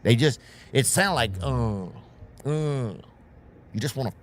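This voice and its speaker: A man's voice: medium pitch, slow pace. A man doing a rambling, profane comedic monologue as a podcast host, full of slang and tangents.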